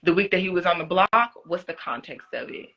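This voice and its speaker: A young woman in casual live-stream chat, answering fan questions about being a reality show contestant, talking in an animated way with many fillers. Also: on the low side, brisk, lo-fi sound. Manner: chatty, animated, lots of "like" fillers. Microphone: phone.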